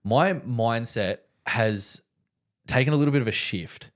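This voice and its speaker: A man's voice: medium pitch, a little slow. A young man co-hosting a podcast, telling stories in a laid-back, rambling way with lots of fillers. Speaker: podcast co-host. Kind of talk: casual chat.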